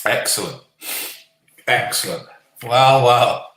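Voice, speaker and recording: Slow-talking man hosting a quiz. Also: mid-range voice, fairly bright tone. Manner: jokey, swears then apologises, reads answers slowly. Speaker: quiz host. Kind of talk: live online quiz hosting, casual banter. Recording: echoey room.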